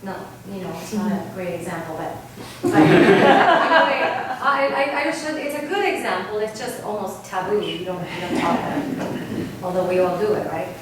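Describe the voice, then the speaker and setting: Over a noisy crowd, this Argentine vocal coach teaches her choir workshop in an expressive mid-range voice, at normal speed with few pauses. She sings sample sounds to show what she means and often asks "right?", captured from far away in a reverberant room.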